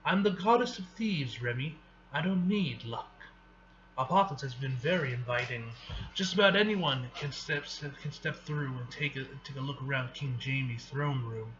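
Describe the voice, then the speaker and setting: A man's voice: mid-range voice, lively intonation, normal speed, fairly bright tone, close to an everyday voice. A man voicing a sly female goddess of thieves, smug and teasing, from a dull lo-fi recording. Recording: dull lo-fi recording with faint hiss.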